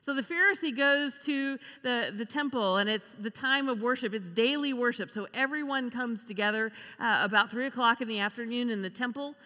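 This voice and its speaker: A woman preaching a sermon, expressive, acting out the voices she quotes. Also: on the high side, a little fast, hardly any pauses. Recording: long reverb of a large hall.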